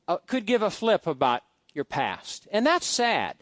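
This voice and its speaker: A middle-aged male pastor telling folksy personal stories during a sermon, swinging between loud asides and quiet musing. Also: high-pitched, wildly swooping pitch, unhurried, few pauses, dry recording. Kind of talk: storytelling sermon. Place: church sanctuary.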